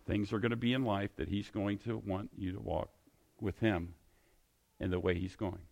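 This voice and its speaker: Gravelly-voiced preacher man. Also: lowish voice, fairly even intonation, moderate pace, a little mellow. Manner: repetitive, emphatic questioning. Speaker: pastor. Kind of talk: sermon.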